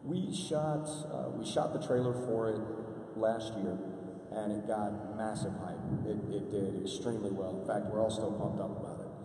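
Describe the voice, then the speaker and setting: A middle-aged man, a convention panel guest, telling relaxed anecdotes. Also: fairly low pitch, moderate pace, a little hiss or hum. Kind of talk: storytelling on a panel. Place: large convention hall. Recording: echoey hall from far off.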